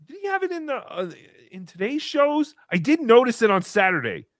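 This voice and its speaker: Animated, high-voiced male stream host. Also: brisk, no echo, studio quality. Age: 30s. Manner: animated, joking, swears casually. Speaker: livestream host. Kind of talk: casual chat reading donations.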